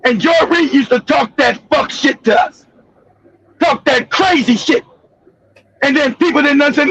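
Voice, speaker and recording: High, gravelly man ranting. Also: a little fast, rough recording. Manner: shouting, profane, ranting; repeats and restarts words. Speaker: host. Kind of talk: heated reaction commentary. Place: home streaming setup.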